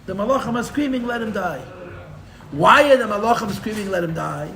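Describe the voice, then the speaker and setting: A man teaching a live Torah class as a rabbi, telling the story with animated, sarcastic humor and mixing in Hebrew and Yiddish terms. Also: high-pitched, quick pace, gravelly, echoey room. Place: room for a live-streamed class.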